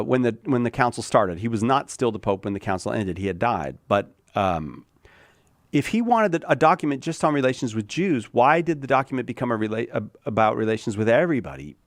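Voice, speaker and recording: A man's voice: mid-range voice, no room sound, clean studio sound. A man hosting a call-in radio show, chatty, laughing often and trailing off mid-sentence. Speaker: radio host. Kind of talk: casual radio talk.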